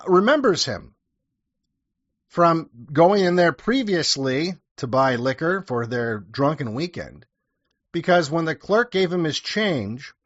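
A man with a fairly high voice narrates in a loose, sarcastic manner, full of crude wry asides. The recording is dry and close, with a slightly dull, lo-fi sound. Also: a bit bright, no echo. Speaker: storyteller. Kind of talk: casual true-crime storytelling.

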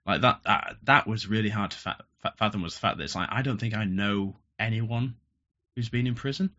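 A man's voice: fairly low pitch, brisk, pushed and bright, dull audio. Laughing, rambling man storyteller. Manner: rambling, laughs often, frequent restarts. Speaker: podcast guest. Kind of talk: casual storytelling. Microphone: headphones with podcast mic.

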